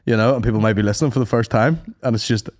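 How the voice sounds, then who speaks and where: A man's voice: on the low side, very fast. A man co-hosting a podcast, bantering in sweary, joking casual chat. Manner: jokey, animated banter, sweary. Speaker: podcast co-host.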